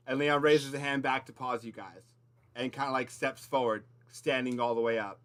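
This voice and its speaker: A man's voice: medium pitch, steady tone, measured pace, pushed and bright, clear, resonant tone. A man running a tabletop game as game master, narrating in a loose, casual way with lots of fillers.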